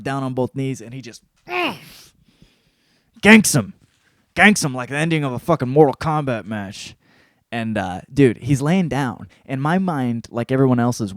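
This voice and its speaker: A young man hosting a podcast, giving a rambling, profane, animated solo recap of fights in casual chat. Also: medium pitch, no echo, studio quality. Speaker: podcast host.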